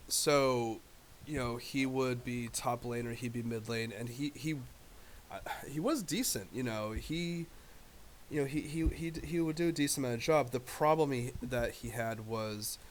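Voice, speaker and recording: A man's voice: mid-range voice, a little hiss or hum. Laid-back, swearing male streamer. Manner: loose, profane, rambling. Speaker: live streamer. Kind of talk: casual storytelling chat.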